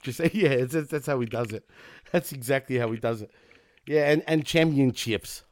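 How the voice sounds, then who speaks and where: A man's voice: medium pitch, fairly quick, darkish tone, no room sound. A man co-hosting a podcast, talking casually, laughing often and swearing. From Australia. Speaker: podcast co-host. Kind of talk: casual chat.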